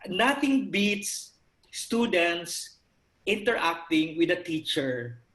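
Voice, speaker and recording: Slow, bright-voiced priest, a man. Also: high voice, sing-song, echoey room, rough recording. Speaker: priest guest speaker.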